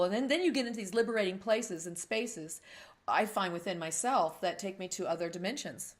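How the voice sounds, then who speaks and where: A middle-aged woman hosting an interview, telling a story in a casual, animated way and acting out the voices she quotes. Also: mid-range voice, normal speed. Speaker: host.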